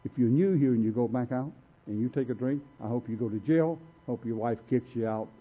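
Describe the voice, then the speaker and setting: A man's voice: medium pitch, a little fast, slightly rough. An older man speaking at a recovery meeting, telling his own story in a blunt, folksy way. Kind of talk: personal recovery testimony. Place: meeting room. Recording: tinny lo-fi tape recording.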